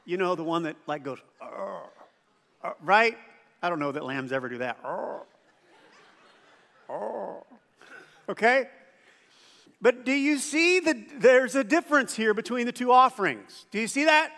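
High-voiced pastor preaching in a reverberant hall. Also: male voice, lively intonation, moderate pace, bright, forceful tone. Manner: conversational, asks the audience questions, acts out quoted voices. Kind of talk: sermon. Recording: church hall with long reverb.

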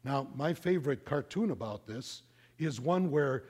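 A middle-aged man preaching a sermon, telling a story in an animated, conversational way. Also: mid-range voice, unhurried. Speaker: pastor.

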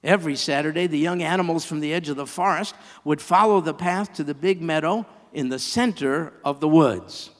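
A preacher reads a children's story with lively delivery, adding side comments to his listeners. His voice is on the higher side with long reverb, and he speaks at normal speed with few pauses.

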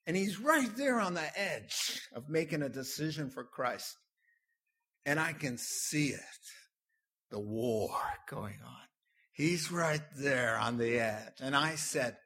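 A male pastor preaches a sermon in a church, emphatic and deliberate. His slightly husky voice rises and falls widely in pitch. He takes his time, swinging from hushed asides to loud declarations.

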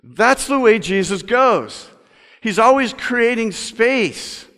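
A male pastor delivering a sermon, moving between loud emphatic stretches and slow, quiet reading. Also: very high-pitched, expressive. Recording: long reverb of a large hall.

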